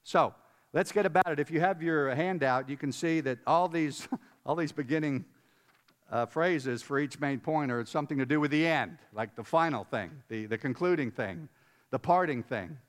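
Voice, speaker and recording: A man's voice: fairly high pitch, normal speed. A man preaching a conversational sermon, emphatic, repeating words and putting questions to his listeners. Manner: emphatic, repeats words, chuckles, asks the audience. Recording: long reverb of a large hall.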